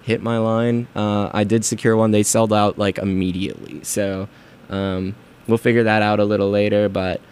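A young man hosting a college-style radio show, chatting casually and rambling about music with lots of fillers and quick laughs. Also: fairly low pitch, level tone, a little mellow, clean tone.

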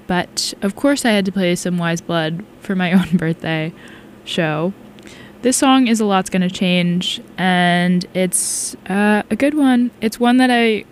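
A woman's voice: medium pitch, a little hiss or hum. A young woman hosting a college radio show, signing off in a rambling, chatty way with frequent laughs. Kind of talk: casual radio sign-off chat.

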